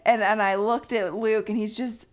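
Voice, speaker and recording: A woman telling a story in a casual chat, excitable, laughing and acting out what people said. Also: mid-range voice, normal speed. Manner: excitable, laughing, acts out quotes.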